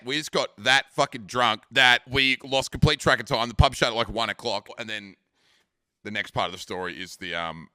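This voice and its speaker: A young Australian man telling rowdy, profane party stories on a casual podcast, acting out other people's lines in quick quoted voices. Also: mid-range voice, sharp tone, no room sound, studio quality. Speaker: podcast host. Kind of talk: casual storytelling chat.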